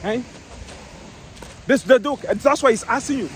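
A man preaching in the street, emphatic and repetitive, reading scripture slowly and calling out to listeners. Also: very high-pitched, animated, a bit bright, a little hiss or hum. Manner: emphatic, repeats phrases, reads scripture slowly, calls out "eh?".

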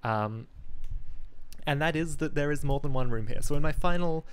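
A man's voice: on the high side, moderate pace, clear, resonant tone. A man casually talking through his game code on a live stream, thinking aloud with ums, restarts and wry asides.

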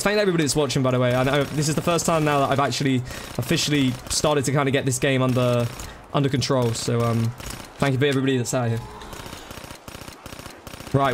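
A man's voice: medium pitch, quick pace, slight background noise. Chatty male streamer. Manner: chatty, thanks viewers by name, calls them bro and dude. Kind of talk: casual live-stream gaming commentary.

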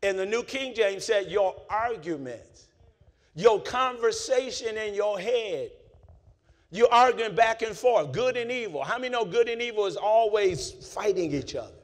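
A man preaching a sermon as pastor, pulling the congregation into call-and-response and swinging between low, quiet talk and shouting. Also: lively intonation, a little slow.

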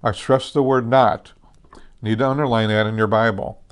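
A male pastor teaches a sermon conversationally, constantly checking in with "amen?" and "okay?" and frequently restarting or correcting himself. His voice is lowish, steady, and smooth, with a brisk pace.

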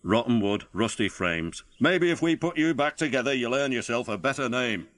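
A man's voice: medium pitch, animated, normal speed, fairly bright tone, natural voice. A man voicing a stern railway boss who speaks in a reproving, firm way. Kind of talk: storybook narration.

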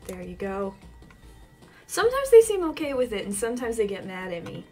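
A woman's voice: on the high side, huge pitch swings, moderate pace, dark tone, soft background music. A woman giving casual let's-play commentary, talking to herself with frequent flustered yelps and laughs. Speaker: gaming channel host.

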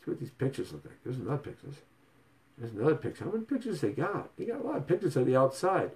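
A man hosting a real estate show, talking to viewers in a playful, showy sales pitch full of sing-song repeats and stutter gags. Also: wildly swooping pitch, fast, a little mellow.

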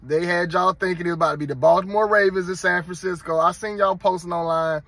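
A man from North Carolina with a Southern accent, hosting his own vlog in a casual, animated, mocking ranting style. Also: high voice, quick pace, creaky, hardly any pauses. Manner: animated, mocking, emphatic rants. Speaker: channel host.

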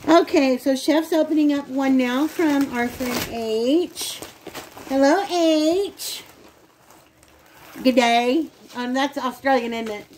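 A woman's voice: sits high, fairly even intonation, unhurried, hardly any pauses, a little mellow, slight background noise. A woman co-hosting a casual unboxing vlog, gushing and talking straight to her viewers. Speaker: channel co-host.

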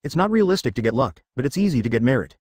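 A man narrates a web novel in an even, machine-like way. His pitch rises and falls a lot. The sound is dry and close. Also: rapid-fire, husky, dry recording. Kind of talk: text-to-speech novel reading.

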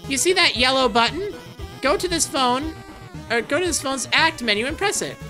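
A woman voicing a nervous, excitable female lizard scientist who talks eagerly and tries to sound brave, reading game dialogue aloud. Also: high-pitched, normal speed, faint music behind, voice pushed up. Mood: reassuring.

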